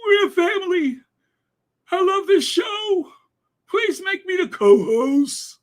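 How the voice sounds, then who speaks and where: A man's voice: big pitch swings, slow, heavily acted. A man mocking a wailing, tearful woman presenter. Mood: mock sobbing. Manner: wailing, tearful falsetto mockery. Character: sobbing, gushing woman TV presenter, overwrought.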